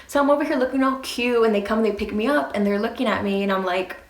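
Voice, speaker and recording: A young woman vlogger telling a casual storytime, animated and swearing freely as she acts out what people said. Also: a little high, fast talker, roomy sound.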